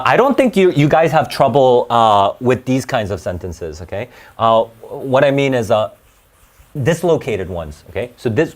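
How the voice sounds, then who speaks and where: A man teaching a grammar lesson to a class, restarting words often and checking in with "right?". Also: medium pitch.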